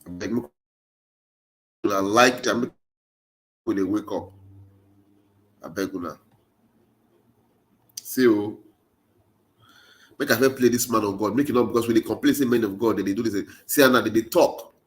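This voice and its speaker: His voice lowish and his pace normal, a political commentator with a Nigerian Pidgin accent pauses often through an impassioned monologue. He keeps urging listeners with repeated rallying phrases.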